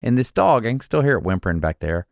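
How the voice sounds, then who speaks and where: A man co-hosting a podcast, telling an anecdote in a casual, animated way, laughing and restarting as he goes. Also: medium pitch, quick pace, vocal fry, no echo, clean studio sound. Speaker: podcast co-host. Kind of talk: casual storytelling chat.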